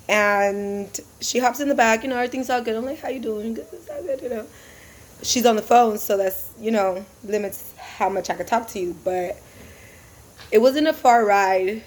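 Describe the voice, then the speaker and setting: A woman drives for a rideshare service and tells a casual storytime vlog. She talks slowly, with a relaxed, unhurried delivery. Her speech is chatty and full of slang. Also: mid-range voice. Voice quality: slangy, laid-back and chatty.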